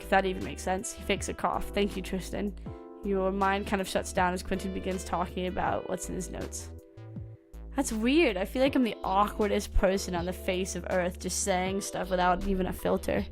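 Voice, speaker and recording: A woman's voice: medium pitch, creaky. A woman hosting a let's play, reading a visual novel aloud and breaking off for casual, sweary asides. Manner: casual, sweary asides between read lines.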